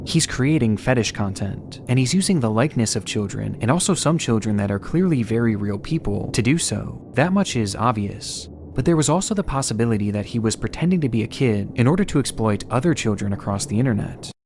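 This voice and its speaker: A man reading scripted documentary narration in a measured, grave way. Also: mid-range voice, expressive, a little mellow, a little hiss or hum. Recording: played back from a video.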